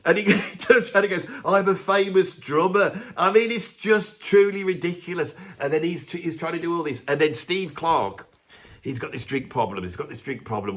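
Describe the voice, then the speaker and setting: A man hosting a casual to-camera video, chatty and animated, often laughing and wandering into asides. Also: on the high side. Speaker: video host reviewing films.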